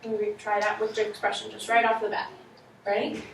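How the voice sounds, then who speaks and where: A woman's voice: medium pitch, completely flat delivery, fast, over a noisy crowd. A woman teacher giving classroom instruction, encouraging and modeling reading aloud for her students. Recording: echoey classroom from far off.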